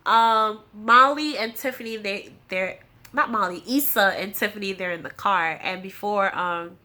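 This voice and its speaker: A woman's voice: medium pitch, measured pace. A woman in her late twenties giving a casual spoken recap of a TV episode, acting out the characters' lines as she retells them. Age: late 20s. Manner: animated retelling, acting out quotes, laughing often. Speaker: TV recap reviewer.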